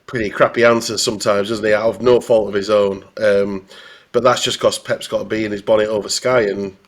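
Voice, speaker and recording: A football journalist with a Northern English accent chats casually on a podcast in a fairly low, flat voice at a fairly quick pace. He rambles, restarting often and saying "you know" a lot.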